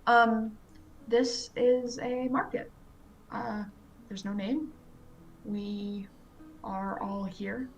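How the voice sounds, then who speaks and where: A woman voicing an older male elf food vendor who speaks plainly and calmly, without any accent. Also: mid-range voice, low-quality recording. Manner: plain, casual, no accent, mildly amused.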